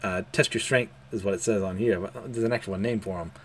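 A man's voice: on the low side, fairly even intonation, a little fast, fairly bright tone, a little hiss or hum. A man casually recapping a cartoon episode, laughing often as he retells it. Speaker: anime recap host.

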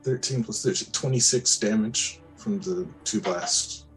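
A man playing a tabletop game, chatty and quick to laugh, talking through his character's moves. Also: lowish voice, soft background music, rough recording. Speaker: player. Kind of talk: casual tabletop play.

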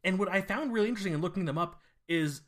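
Racing along in a high-sitting voice, a man co-hosts a podcast. His casual talk rambles and hesitates, packed with fillers and restarts.

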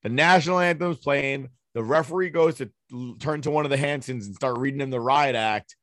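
A man's voice: medium pitch, a little fast, fairly bright tone, no room sound, clean studio sound. A man co-hosting a sports movie podcast, opinionated and profane as he rants. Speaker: podcast co-host. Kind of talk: casual chat.

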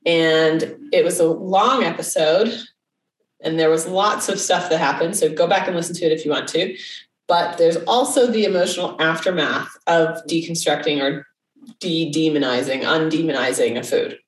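A woman's voice: low-pitched, normal speed, distant mic. A woman co-hosting a podcast as a coach, talking in a casual, playful way and laughing easily. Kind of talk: casual chat. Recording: echoey room, off mic.

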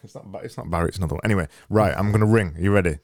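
A man's voice: sits low, very fast, no room sound, studio quality. A man hosting a casual chat and scoring songs in a playful, teasing way. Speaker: host.

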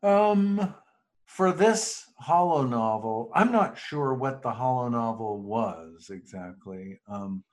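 Podcast cohost guy, casual chat, kinda musing out loud, restarts a lot, middle pitch. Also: lively intonation, slow. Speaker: podcast co-host.

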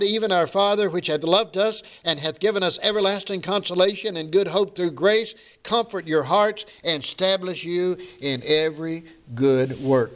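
High-voiced man preaching a sermon. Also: a bit bright. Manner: preaching with rhetorical questions and repeated refrains; reads scripture aloud in old-fashioned wording.

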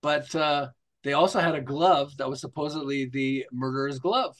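Older male guest, high-ish voice, animated storyteller who acts out quotes. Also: moderate pace. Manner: animated, acts out quotes, keeps checking in with "okay?". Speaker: marketing guest. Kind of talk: storytelling interview talk.

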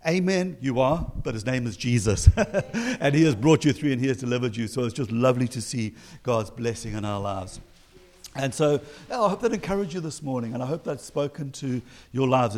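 Man, South African accent, pastor, sermon, emphatic, rhetorical questions, mid pitch. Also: fairly quick, darkish tone.

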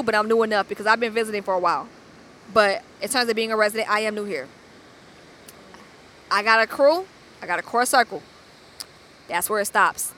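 A young Atlanta woman hosts a podcast in a casual monologue, speaking bluntly and full of slang. Her Southern accent rides on a bright, fairly high voice. She tells her stories candidly and with animation. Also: a little hiss or hum. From Atlanta, USA. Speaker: podcast host.

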